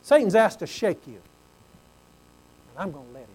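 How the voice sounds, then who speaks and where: A man preaching a sermon, earnest, swinging from loud exclamations to hushed low tones. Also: big pitch swings, moderate pace, husky, rough recording.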